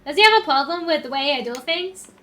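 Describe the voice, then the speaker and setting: Lady doing a scottish shop girl, chatty, high and bright, kinda miffed. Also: expressive, fast talker, faint music behind. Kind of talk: reading game dialogue aloud.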